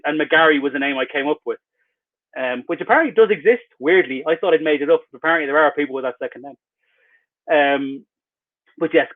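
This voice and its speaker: A man, an author, giving rambling, wry and self-mocking answers in a casual interview over a video call. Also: on the high side. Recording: tinny phone-like video call line.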